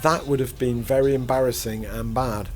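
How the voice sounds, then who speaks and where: A man's voice: medium pitch, fairly even intonation, moderate pace, darkish tone, faint music behind. Rambling man narrating gameplay. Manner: rambling, self-deprecating, chuckles to himself. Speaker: gaming channel host. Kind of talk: casual gameplay commentary.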